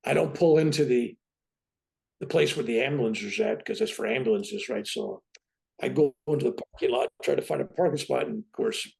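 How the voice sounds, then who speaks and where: A man in his seventies, a guest on a talk show, telling his own story in a lively way and often asking "right?". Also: mid-range voice, a little fast, gravelly. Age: 70s. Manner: lively, keeps tagging "right?" onto his points. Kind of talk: animated personal storytelling.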